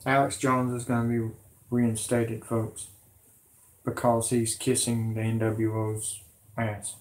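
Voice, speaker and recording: A man with a drawl whose voice is hoarse and worn from illness. He rambles to his viewers, agitated and pleading, circling back over the same words again and again. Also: mid-range voice, little pitch movement, takes it slowly. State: hoarse, sick voice. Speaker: conspiracy vlogger. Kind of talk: rambling monologue to camera.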